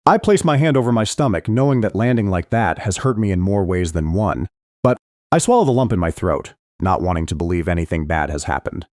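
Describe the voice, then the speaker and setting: A deep-voiced man reads a suspense audiobook in the first person, with dramatic emotion. His pitch rises and falls widely. The sound is close and dry. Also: animated, a little fast, a little mellow, no room sound. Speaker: audiobook narrator.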